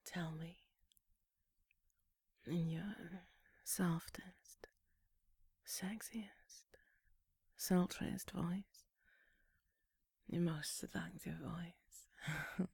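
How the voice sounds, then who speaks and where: Breathy, seductive whispered role-play woman. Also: lowish voice, fairly even intonation, drawn-out words, pauses often, no echo, studio quality.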